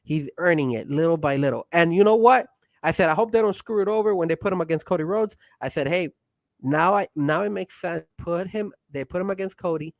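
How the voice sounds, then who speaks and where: A man co-hosting a wrestling talk show, all hype and pushy banter. His voice sits a bit high for a man and is recorded dry and close, with no room sound. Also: a little fast, no echo. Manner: hyped, pushy fan banter. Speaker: co-host.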